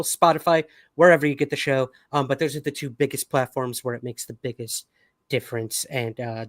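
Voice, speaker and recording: A man's voice: mid-range voice, fairly bright tone, no echo, clean studio sound. A man hosting a podcast livestream, talking casually and upbeat with lots of fillers. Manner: upbeat, chatty, many fillers. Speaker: podcast host.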